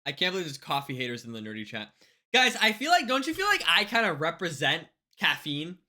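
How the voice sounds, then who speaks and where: A woman livestreamer chatting casually with her viewers, reading their comments aloud and swinging between hyped outbursts and quiet mumbling. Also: low voice, sing-song, a little fast. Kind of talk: casual live-stream chat with viewers.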